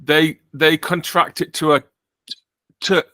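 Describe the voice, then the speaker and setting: British male podcast host, bright sound, dry close mic, jokey and rambling. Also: fairly high pitch, fairly even intonation, slow, no room sound. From Britain. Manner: joking, rambling with self-corrections. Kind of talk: casual chat.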